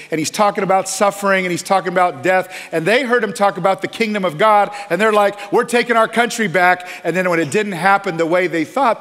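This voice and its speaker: A man's voice: high voice, fairly bright tone, big-room sound. A male pastor preaching a sermon, emphatic, stacking repeated phrases and calling for an amen. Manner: asks the congregation for an amen. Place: large church sanctuary.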